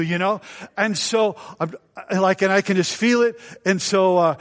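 Pastor, male, high voice, funny storyteller preaching to his congregation. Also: moderate pace. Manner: storytelling, joking, asks the congregation. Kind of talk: sermon.

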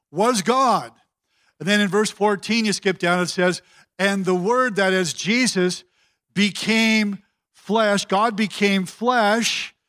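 A pastor preaching a sermon, building long cadenced lists and leaning on key words. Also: male voice, high-pitched, a bit bright.

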